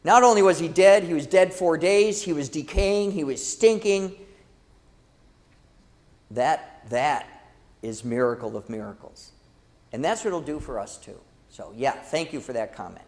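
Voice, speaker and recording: A man teaching a church Bible class in a lively, dramatic way, calling out to the class. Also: fairly high pitch, measured pace, long reverb tail. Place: church hall.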